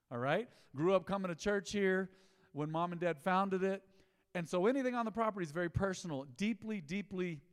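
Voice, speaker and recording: A man preaches in a church sanctuary, his fairly high voice carrying a long hall reverb. He tells a story with animated swings, from loud exclaims down to hushed asides. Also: smooth. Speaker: pastor. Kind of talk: sermon.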